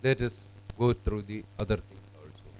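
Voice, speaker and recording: Male demo presenter, relaxed mellow voice, explanatory, full of pauses and fillers. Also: fairly low pitch, poor audio. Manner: explanatory, halting with fillers and restarts. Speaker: software demonstrator. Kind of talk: live classroom software demonstration.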